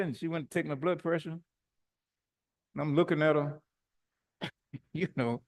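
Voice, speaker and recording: A middle-aged man, a bishop, preaching informally with personal stories, animated and colloquial, often laughing as he talks. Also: fairly high pitch, normal speed, pauses often.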